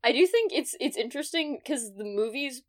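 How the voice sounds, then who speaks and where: A woman's voice: sits high, animated, fairly quick. A woman in casual podcast chat, thinking aloud and building her points.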